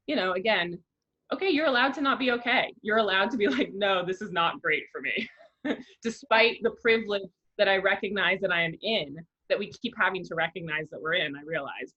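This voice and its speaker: A woman chatting candidly on a podcast, animated and laughing often. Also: medium pitch, fairly quick, dull audio. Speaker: co-host. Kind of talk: casual podcast chat.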